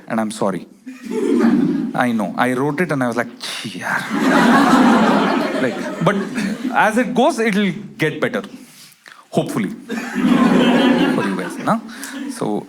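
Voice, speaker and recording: A man with an Indian English accent doing stand-up storytelling on a theatre stage, slipping in Hindi phrases. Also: medium pitch. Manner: animated, mixes in Hindi phrases. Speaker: stand-up comedian. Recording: loud background noise.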